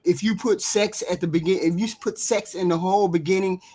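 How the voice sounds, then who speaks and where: A woman's voice: lowish voice, fairly even intonation, brisk, dark tone. A woman co-hosting a podcast, arguing her point insistently in a heated casual panel debate.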